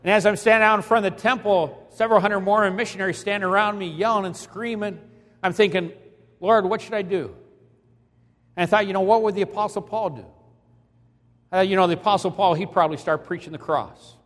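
A man's voice: sits high, fairly even intonation, fast talker, fairly bright tone, big-room sound. A man preaching a sermon, telling a story dramatically and acting out the quotes with emphasis. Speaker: evangelist preacher.

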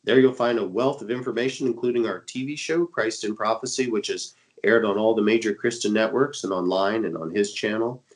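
Over poor audio, a congested man with a cold talks a little fast in a lowish voice, hardly pausing at all. He's an internet evangelist co-hosting a religious radio show in the Dallas, Texas area, and he speaks eagerly with many fillers.

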